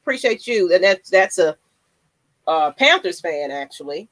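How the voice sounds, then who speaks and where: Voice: medium pitch, sing-song, normal speed, a bit bright, no echo. A laid-back host of a casual sports talk show, addressing viewers directly.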